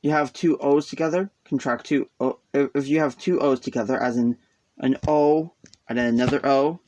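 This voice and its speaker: A man's voice: mid-range voice, moderate pace, a little mellow. A man casually explaining what he has taught himself, rambling and hesitant, poking fun at himself and sounding out vowels aloud as he goes. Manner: rambling, hesitant, self-deprecating. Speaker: hobbyist explaining a language.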